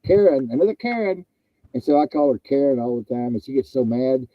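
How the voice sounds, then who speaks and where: A man's voice: medium pitch, expressive, fairly quick, dry recording, dull audio. A man hosting a casual chat, rambling and joking and repeating himself. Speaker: host.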